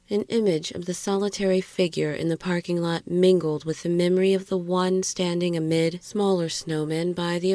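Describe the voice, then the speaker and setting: A woman narrating a horror story in a measured, steady reading. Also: lowish voice, no room sound.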